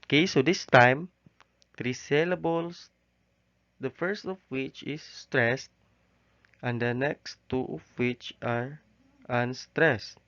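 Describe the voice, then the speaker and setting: Slow, halting male teacher. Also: medium pitch, fairly bright tone. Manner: slow, halting delivery with frequent "okay" and "so". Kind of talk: recorded class lesson. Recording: dull, lo-fi recording.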